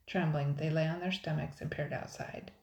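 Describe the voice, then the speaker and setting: A woman narrating a children's adventure storybook in a steady, dramatic read-aloud. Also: sits low, moderate pace. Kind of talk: storybook reading. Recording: roomy echo.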